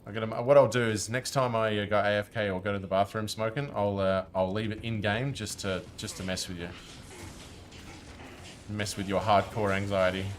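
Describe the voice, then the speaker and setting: Male streamer, lowish voice, loose chatty play-by-play aimed at chat, faint room hum. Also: steady tone, a little fast, hardly any pauses. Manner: chatty, talks to viewers while playing. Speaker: game streamer. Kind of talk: casual live-stream commentary.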